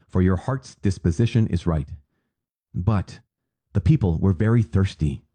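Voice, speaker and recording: A man reading scripture aloud in a measured, solemn way. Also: fairly low pitch, dark tone, slightly rough. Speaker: scripture reader.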